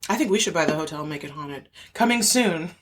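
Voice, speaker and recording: A woman co-hosting a podcast in casual chat, upbeat and joking with quick asides. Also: low-pitched, animated. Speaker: podcast co-host.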